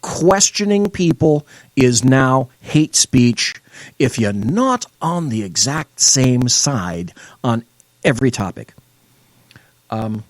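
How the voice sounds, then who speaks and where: A man's voice: medium pitch, no echo. A man hosting a live show, reading quotes aloud and tearing into them with scorn. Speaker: show host. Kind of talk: opinionated live-stream talk.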